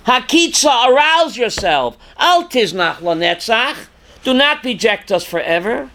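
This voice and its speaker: An older man, a rabbi teaching a class, reads scripture aloud with dramatic force, sometimes shouting, and questions his students. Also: extremely high pitch, very animated, unhurried. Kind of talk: Torah class lecture.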